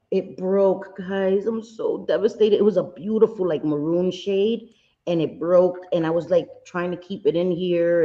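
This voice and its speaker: A woman's voice: lowish voice, warm tone, lo-fi sound. A woman hosting a casual livestream, bubbly and chatty, greeting viewers with pet names. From Puerto Rico. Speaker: livestream host.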